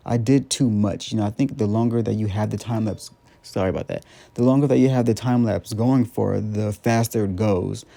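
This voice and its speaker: A man's voice: lowish voice, normal speed, gravelly, dark tone. A young man in casual voice-over, rambling chattily through a doll restyle with lots of ums and likes.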